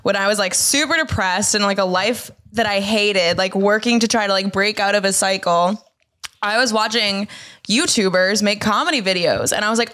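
A young woman co-hosting a casual podcast, high and giggly, rambling and swearing freely. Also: normal speed, bright, forceful tone. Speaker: podcast co-host. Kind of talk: casual stoner podcast chat.

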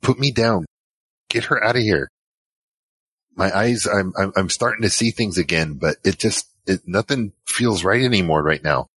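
A low, husky man voices a wounded, frightened photographer in a tabletop game. He stammers and stumbles over his words. The sound is dry and close. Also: normal speed, fairly bright tone, no room sound. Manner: stammering, shaken. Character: hurt, frightened male photographer Sam. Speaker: player. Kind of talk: tabletop role-play, in character.

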